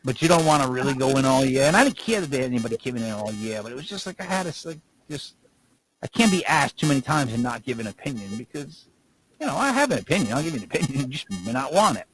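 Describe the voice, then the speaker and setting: A man's voice: medium pitch, big pitch swings, fast, rough recording. A man co-hosting a podcast, rambling through casual stories and laughing as he talks. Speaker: podcast co-host.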